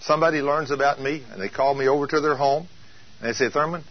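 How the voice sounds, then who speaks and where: A man preaches with emphasis, leaning on rhetorical questions. His voice is husky and mid-pitched. The taped recording sounds muffled and lo-fi. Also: fast. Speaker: preacher teaching on healing. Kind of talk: sermon. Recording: dull lo-fi taped teaching.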